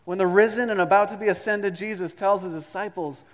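A man's voice: high-pitched, fairly even intonation, fairly quick, long reverb tail. A man preaching a sermon as a pastor, reading scripture and leading the congregation in call-and-response with repetition.

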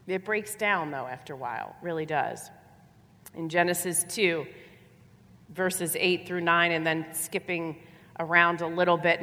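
Woman preacher, lowish voice, emphatic and repetitive, long hall reverb. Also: a little slow, pushed and bright. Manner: emphatic, repeats phrases and asks rhetorical questions. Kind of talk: sermon.

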